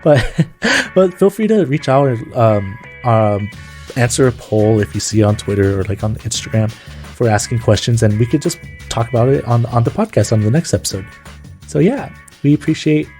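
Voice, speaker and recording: A man's voice: mid-range voice, expressive, moderate pace, darkish tone, soft background music. A man co-hosting a casual chat podcast, joking and swearing freely. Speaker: podcast co-host.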